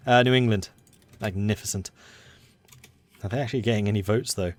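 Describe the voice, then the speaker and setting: A man's voice: medium pitch, lively intonation, a little fast, fairly bright tone, dry recording. A man streaming a strategy game, reading the event text in a put-on American accent that slips now and then, with chatty asides to his viewers. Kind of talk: live gameplay commentary.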